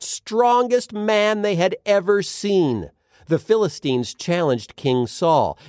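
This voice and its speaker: A man narrating a children's Bible story with dramatic pauses and questions to the listener. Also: on the high side, no room sound, clean studio sound.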